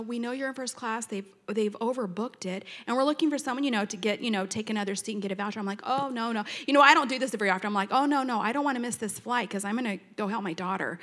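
Chatty high-voiced woman telling her testimony. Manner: chatty and animated, acting out both sides of conversations, laughing often. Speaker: church member giving testimony. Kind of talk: storytelling testimony to a congregation.

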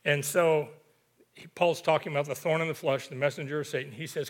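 A man's voice: a little high, fairly even intonation, brisk. A man preaching a sermon, reading scripture in an emphatic, rhythmic way that builds to peaks, then dropping into conversational asides to the congregation.

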